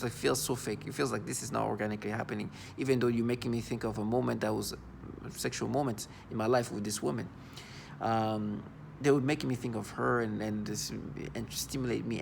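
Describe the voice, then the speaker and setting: A man's voice: medium pitch, vocal fry, a little hiss or hum. A man talking into his own video, agitated and disgusted, stumbling through restarts and fillers. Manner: halting, full of restarts and fillers. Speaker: vlogger. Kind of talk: personal video monologue.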